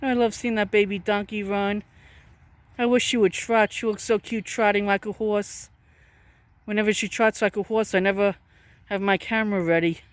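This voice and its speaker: A woman films farm animals outdoors and chats to them in a coaxing, baby-talk tone. Her voice sits at an ordinary pitch and comes through close and dry on a handheld camera. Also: fairly even intonation, moderate pace, dry recording. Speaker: vlogger filming farm animals. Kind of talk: casual talk to animals while filming.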